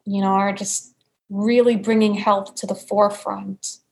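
A woman's voice: mid-range voice, flat delivery, a little slow, vocal fry, poor audio. A woman with a New York accent, a naturopathic doctor explaining her work as an interview guest, peppering her talk with "you know". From United States. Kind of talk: conversational interview answers.

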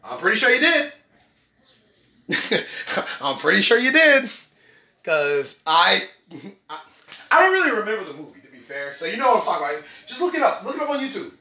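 Slangy young man with a high, lively voice. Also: brisk. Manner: slangy, rambling, laughs often. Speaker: podcast host. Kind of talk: casual solo podcast rant. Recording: echoey room, away from the mic.

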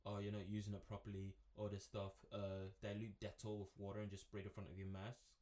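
A man with a fairly low voice chatting loosely on a podcast with a friend. He rambles and jokes, with plenty of swearing. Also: completely flat delivery, quick pace, mellow. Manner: joking, profane, rambling. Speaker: podcast co-host. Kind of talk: casual chat.

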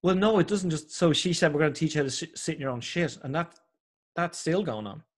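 A middle-aged Irish man chatting as a podcast guest, telling animated stories and acting out other people's voices. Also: fairly high pitch, a little fast. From Ireland. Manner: animated storyteller, acts out voices. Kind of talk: casual chat.

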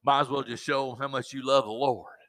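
A man's voice: mid-range voice, steady tone, brisk, fairly bright tone. A man preaching a sermon in a fervent, exhorting way with folksy asides.

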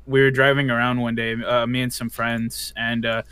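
A man's voice: mid-range voice, flat delivery, moderate pace, bright, forceful tone, clear, resonant tone, no echo. A young man co-hosting a casual podcast chat, telling rambling stories with many fillers. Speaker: podcast co-host.

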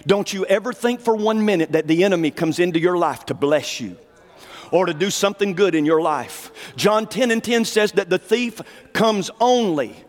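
A male preacher delivering a fervent sermon, dropping to low asides and rising to shouted declarations. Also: animated, moderate pace, in a large hall.

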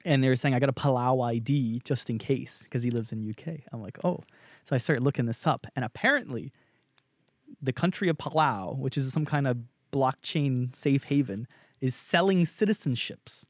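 A man's voice: medium pitch, normal speed, dry recording, studio quality. A young man from Canada co-hosting a podcast, telling a story in a loose, profane way and acting out what others said. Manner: animated, profane, acts out quoted exchanges. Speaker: podcast co-host.

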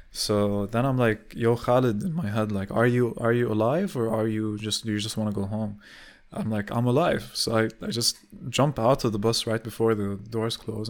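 A young man casually telling a personal story, rambling with many fillers and restarts and casual swearing. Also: fairly low pitch. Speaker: vlogger.

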